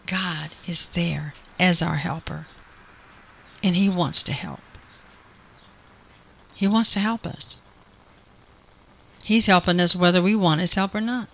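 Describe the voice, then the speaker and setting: A woman with a bright, forceful voice delivers a sermon. She preaches earnestly, repeating her points and building emphasis as she goes. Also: mid-range voice, fairly even intonation, a little slow, pauses often. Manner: earnest, repetitive preaching with rising emphatic quotes.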